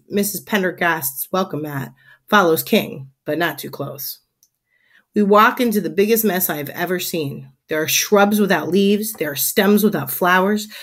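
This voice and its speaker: A teacher reads a children's chapter book aloud to her class in a mid-pitched, slightly rough voice. She tells it with animation and expression, leaning into the story's lively moments.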